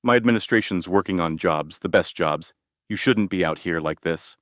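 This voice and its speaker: A man's voice: low voice, moderate pace, fairly bright tone, no room sound, studio quality. A man reading a boastful blunt president. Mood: insistent. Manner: direct, boastful, repeats superlatives.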